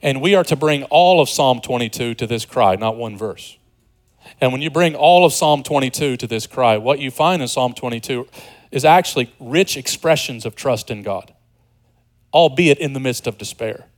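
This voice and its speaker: A man preaching a sermon as pastor, earnest, moving from hushed low passages to loud, high emphatic ones. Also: lively intonation, moderate pace.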